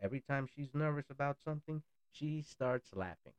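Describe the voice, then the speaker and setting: A man's voice: medium pitch, brisk, clear, resonant tone, no echo. A man in a blunt, sarcastic ranting monologue who swears freely. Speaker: political commentator.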